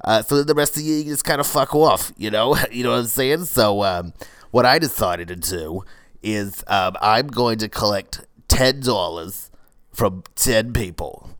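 A man's voice: lowish voice, normal speed, fairly bright tone, clean tone, no room sound, natural voice. A man improvising as a brash fortyish woman who runs a failing cold-yoga studio, rambling with lots of "uh" and "you know" and talking crudely and matter-of-factly. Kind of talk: improvised comedy monologue.

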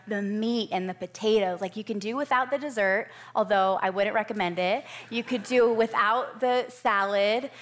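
A woman preaching a sermon in a conversational way, with light self-deprecating asides. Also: medium pitch.

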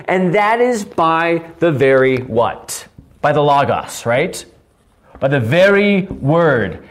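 High-voiced man preaching, earnest and animated. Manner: earnest, animated, often asks "right?". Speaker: pastor. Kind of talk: teaching sermon.

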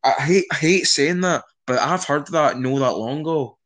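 A man's voice: a little high, moderate pace, a bit bright. A young Scottish man chatting casually in an interview, rambling with frequent restarts and swearing. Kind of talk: casual conversation.

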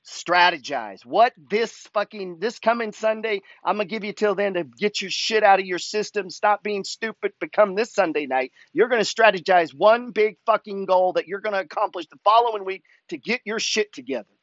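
A man's voice: sits high, normal speed, few pauses, fairly bright tone, no room sound, highs cut off. A man hosting a money talk show, ranting in a fired-up, pushy way and swearing constantly as he reads follower emails. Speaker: host reading follower emails. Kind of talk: profane motivational rant.

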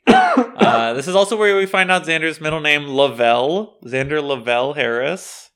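Man, podcast co-host, bright tone, rambling, casual chat, laughs often. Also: a little high, sing-song, moderate pace. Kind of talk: casual chat recapping a TV episode.

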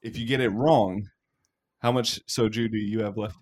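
A man's voice: lowish voice, steady tone, normal speed, darkish tone. Joking man hosting crude banter. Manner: joking, laughs often. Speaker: podcast host.

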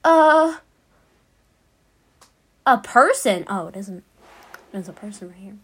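A woman's voice: medium pitch, lively intonation, slow, breathy edge. A woman chatting casually as she plays a game, reading its lines aloud and reacting along the way. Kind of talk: gameplay commentary.

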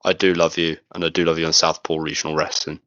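A man's voice: rumbling low, flat delivery, fast talker, bright, forceful tone, dry recording. A man hosting a casual, joking podcast chat with friends. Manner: laid-back, jokey, swears. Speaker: podcast host. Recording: dull lo-fi recording.

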